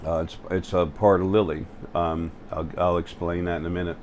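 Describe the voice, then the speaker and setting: A man with a very low voice talks straight to the camera on his own spiritual channel. He keeps stopping on fillers and restarting his sentences, with a faint hum of noise under him. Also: level tone, a little mellow. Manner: halting, full of fillers and restarts. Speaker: channel host. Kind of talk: spiritual vlog monologue. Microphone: facing the camera.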